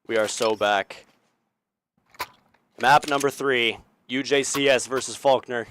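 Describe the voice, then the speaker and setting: A young man casting an esports match solo, with energetic play-by-play that climbs on big plays. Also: mid-range voice, slow pace, slight background noise. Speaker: esports caster. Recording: game gunfire loud under voice. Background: game sound effects and gunfire.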